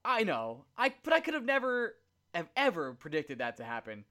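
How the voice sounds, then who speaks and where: A man with a higher, bright voice that moves all over his range, co-hosting a casual sports podcast. He reacts quickly, agrees often and laughs along with his partner. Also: huge pitch swings. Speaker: podcast co-host.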